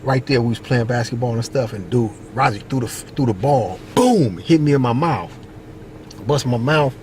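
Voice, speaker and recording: At a moderate pace, a middle-aged vlogger from Long Beach, California shares animated stories from his youth, putting on high voices for those he quotes and frequently asking "you know what I mean." It's casual storytelling, recorded outdoors near a basketball court while he moves in traffic, with faint street and traffic noise.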